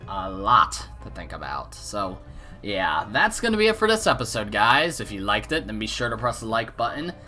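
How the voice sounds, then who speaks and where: A woman's voice: extremely low pitch, big pitch swings, moderate pace, pushed and bright, faint music behind. A woman hosting a visual novel playthrough in casual, sarcastic commentary, swearing and laughing. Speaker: let's play host.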